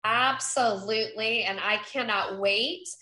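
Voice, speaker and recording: A woman's voice: on the high side, measured pace, pushed and bright, echoey room, rough recording. A woman running for Congress, from North Carolina, speaking upbeat and effusive in a podcast interview, often restarting her sentences. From Eastern North Carolina. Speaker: congressional candidate.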